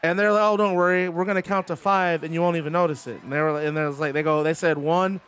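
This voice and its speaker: A man casually commentating a video game wrestling match, rambling and excitable, drifting into personal stories. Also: a little high, quick pace, slight background noise. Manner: chatty, rambling and excitable, swears. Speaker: host and commentator.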